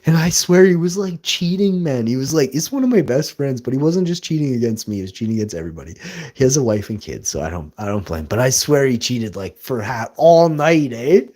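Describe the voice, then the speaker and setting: A man telling rambling, boastful stories as a live streamer, with bursts of loud laughter. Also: medium pitch, big pitch swings, a little fast. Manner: boastful, rambling, laughs loudly mid-story. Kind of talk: rambling storytelling.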